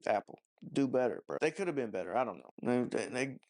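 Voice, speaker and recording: A man's voice: mid-range voice, sing-song, fast talker, darkish tone. A man giving a casual, rambling movie review, mocking and profane, with lots of "you know" and "I don't know" fillers.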